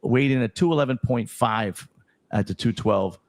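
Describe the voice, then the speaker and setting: A man chatting on a podcast in a relaxed, unhurried manner. He circles back to the same point and thinks it through out loud. His voice sits at an ordinary middle pitch. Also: creaky. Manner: relaxed, repeats himself, thinks aloud. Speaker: co-host. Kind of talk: casual podcast chat.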